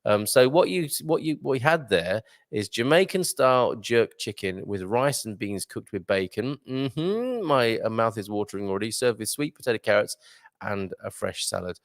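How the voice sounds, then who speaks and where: Guy hosting a live morning show, gravelly fry, dry close sound, lots of ums, jokey and chatty. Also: lowish voice, animated, moderate pace, no room sound. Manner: chatty and jokey, upbeat bursts, many ums and uhs. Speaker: host of a live online breakfast show. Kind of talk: casual live-stream chat reading viewer comments. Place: live broadcast from a resort venue.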